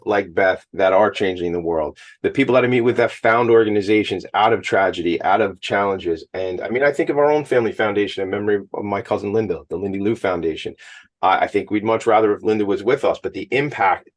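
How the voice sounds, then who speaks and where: Upbeat male radio host, lowish voice, rapid-fire and effusive. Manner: enthusiastic, effusive, rapid talker. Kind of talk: casual radio interview. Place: on location at a high school.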